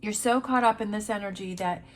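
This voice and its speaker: A woman giving a tarot reading in a casual, encouraging way. She talks slowly and repeats her reassurances. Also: mid-range voice, slight background noise. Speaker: tarot reader.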